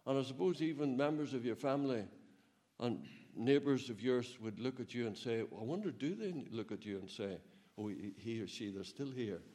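A man preaching a sermon, swinging between loud emphatic peaks and low, quiet asides, with a chuckle now and then. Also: normal speed. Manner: laughs while telling stories.

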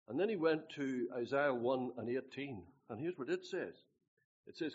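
A man's voice: mid-range voice, animated, normal speed, darkish tone, husky, dull audio. An older man recalls his past in a rambling spoken testimony, repeating himself and quoting scripture with force. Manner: rambling, repeats words, quotes scripture with emphasis. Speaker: storyteller recalling his conversion.

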